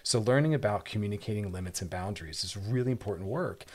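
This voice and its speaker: A man with a lowish voice talks quickly on a radio advice show. He explains relationship issues in an earnest, emphatic way and repeats words to drive his point home. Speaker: radio show host and therapist. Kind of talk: advice talk show monologue.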